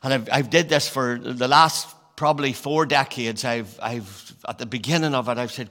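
A man's voice: medium pitch, normal speed, pushed and bright, big-room sound. A man in his sixties preaching a sermon in a conversational, storytelling way, with frequent fillers and restarts. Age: 60s. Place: church.

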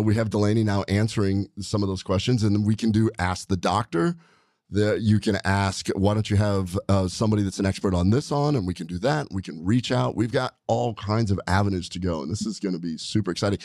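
A man's voice: lowish voice, fairly quick, a little mellow, dry recording. A man hosting a podcast, talking in an enthusiastic, rambling way with frequent restarts, in a studio. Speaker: podcast host, doctor. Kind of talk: casual podcast chat.

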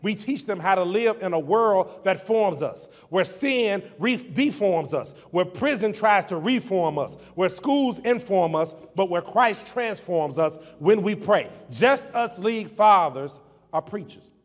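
A man's voice: high-pitched, lively intonation, unhurried, in a large hall. A man preaching a church sermon on fatherhood, with rhythmic rhyming lines and repeated list refrains.

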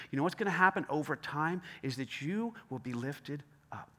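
A man's voice: on the high side, lively intonation, moderate pace, few pauses, bright, forceful tone. A man preaching a sermon in an emphatic, conversational way, often repeating himself. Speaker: pastor.

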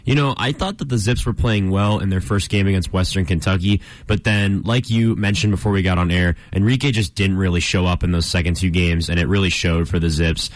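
A man's voice: low-pitched, a little fast, few pauses, no echo. A young man co-hosting a radio sports show, trading dry teasing jabs. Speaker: co-host. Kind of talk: casual sports chat.

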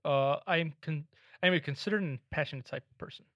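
A man's voice: a little high, fast, fairly bright tone, no room sound, lo-fi sound. Young man reading out quiz statements. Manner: reads statements aloud, then weighs in plainly. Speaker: podcast co-host reading questionnaire items. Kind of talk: casual chat.

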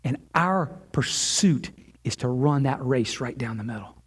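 A middle-aged man preaching a sermon, earnest, sinking low and quiet on key lines and rising when he voices prayers. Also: expressive, measured pace, husky. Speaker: pastor.

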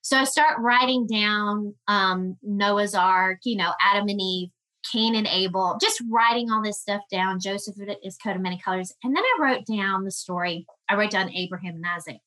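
A woman guest on a podcast, telling a personal story in an earnest, emotional way with halting restarts. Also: medium pitch, pushed and bright, rough recording.

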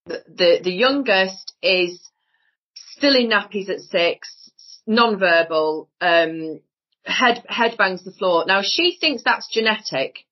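A woman's voice: mid-range voice, lively intonation, slow pace. A woman with a Northern English accent, talking in a blunt, emphatic way as a guest in a casual podcast conversation, and she swears freely. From Northern England. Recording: dull lo-fi audio.

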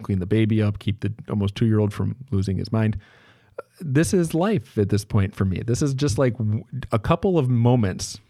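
A man's voice: on the low side, mellow, dry recording, clean studio sound. A man in his thirties, hosting a solo podcast, talking in a rambling, candid way and often restarting his sentences. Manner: rambling, self-correcting and candid. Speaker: podcast host.

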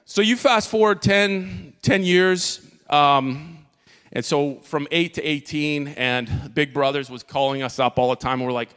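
A man giving an earnest church testimony from the stage, halting and full of fillers and restarts. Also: a little high, fairly bright tone, smooth. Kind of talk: emotional spoken testimony. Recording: long reverb of a large hall.

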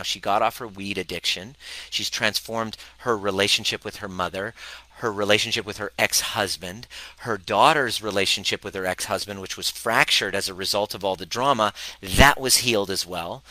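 A man coaching live on a stream, energetic and blunt, acting out his clients' worries in quick quoted voices. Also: on the low side, no room sound, poor audio.

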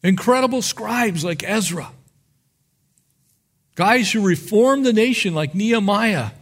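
A male pastor preaching a sermon, telling Bible stories in an animated way and acting out the people in them. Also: high voice, measured pace. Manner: animated storytelling, acts out biblical figures.

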